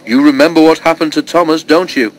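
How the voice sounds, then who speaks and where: A man's voice: a little high, fast, a little hiss or hum, pitched above the performer's own voice, lightly acted. A man reading a storybook, voicing a firm, kindly male railway boss.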